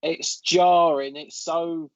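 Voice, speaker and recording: A man speaking in a halting, hesitant way, his voice on the higher side. The sound is dry and close, yet dull and muffled, like a remote line. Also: fairly even intonation, dry recording. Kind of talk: casual chat.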